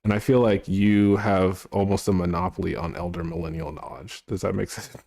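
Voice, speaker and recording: A man's voice: low voice, little pitch movement, a little fast, gravelly, mellow, dry recording, studio quality. A man streaming, chatting casually with viewers, rambling and sometimes mumbling to himself.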